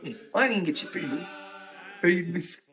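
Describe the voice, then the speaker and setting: A man's voice: sits high, lively intonation, brisk, fairly bright tone. A man playing a tabletop role-playing game, in character, rambling and hesitant with lots of fillers.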